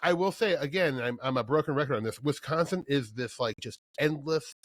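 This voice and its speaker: A man's voice: mid-range voice, fairly quick, no room sound. A man from Nebraska hosting a podcast, upbeat and chatty, laughing often. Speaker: podcast host. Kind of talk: casual interview chat.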